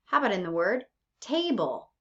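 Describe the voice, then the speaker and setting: A woman's voice: medium pitch, very animated, moderate pace. A woman teacher giving a recorded lesson, speaking patiently and drawing out her example words. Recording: dull lo-fi recording.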